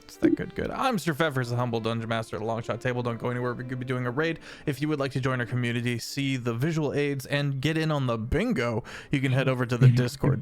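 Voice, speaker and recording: A man runs a tabletop game as dungeon master, narrating in a relaxed, easy way. His voice has a gravelly edge, with faint music playing underneath. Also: mid-range voice.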